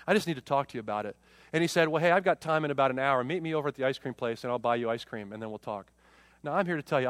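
Fast-talking high-voiced male pastor. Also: a bit bright, no room sound. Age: 40s. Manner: conversational, repeats words as he goes. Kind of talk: sermon.

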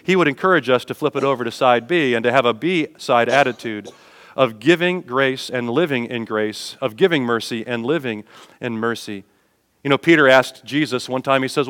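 A man preaching a sermon as pastor in a church, speaking to his congregation in a conversational way and swelling louder on key points. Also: mid-range voice, a little fast, in a large hall.

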